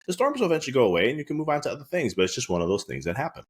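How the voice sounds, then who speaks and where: A man's voice: mid-range voice, big pitch swings, racing, slightly rough. A man, a chiropractor hosting a podcast, telling earnest patient stories in a casual monologue. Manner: anecdotal, earnest storytelling.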